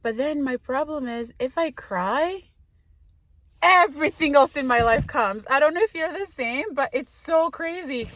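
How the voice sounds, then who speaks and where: A woman's voice: sits high, animated, unhurried, fairly bright tone, slight background noise. A woman in her late twenties talking casually in a vlog, rambling with lots of fillers and laughs. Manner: munching while talking. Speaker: vlogger.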